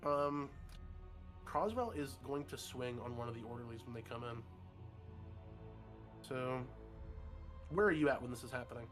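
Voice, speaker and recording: A man's voice: mid-range voice, expressive, moderate pace, long pauses, music in the background. A man narrating as game master, in a loose, casual voice full of fillers. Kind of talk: narrating a tabletop horror game.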